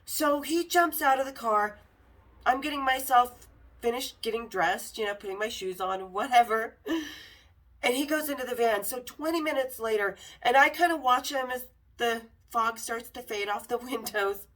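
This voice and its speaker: A woman hosting a podcast, telling a candid story in a casual, profane and animated way. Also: fairly high pitch, normal speed.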